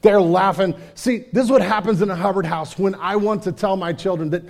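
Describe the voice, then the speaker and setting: A man preaching a casual, energetic sermon, full of slang and asides, sometimes dropping to a hushed tone. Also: high-pitched, a little fast. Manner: drops to hushed intimate tone. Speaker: pastor.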